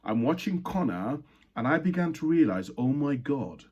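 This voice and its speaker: A man's voice: mid-range voice, sing-song, moderate pace, a little mellow, husky, dull audio. A young man from Uganda telling a personal childhood story in a reflective way, with frequent repeats and fillers.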